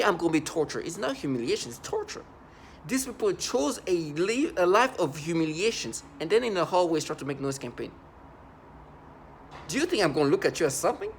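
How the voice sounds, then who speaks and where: A man in his thirties giving a rambling, halting personal monologue to the camera in an aggrieved tone. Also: on the high side, fairly bright tone, slight background noise.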